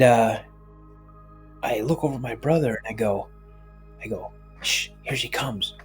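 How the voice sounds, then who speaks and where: A middle-aged man telling a personal story as a podcast guest, animated and full of restarts. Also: medium pitch, breathy edge.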